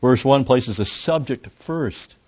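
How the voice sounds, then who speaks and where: A man's voice: mid-range voice, takes it slowly, a little mellow, dull audio. A man preaching a Bible teaching sermon, explaining a passage step by step and repeating key phrases. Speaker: pastor.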